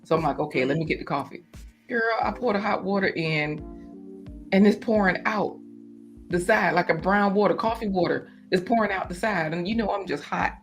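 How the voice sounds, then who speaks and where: A woman hosting a garden livestream in casual chat, animated and chatty, breaking into laughter often. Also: medium pitch, normal speed, soft background music.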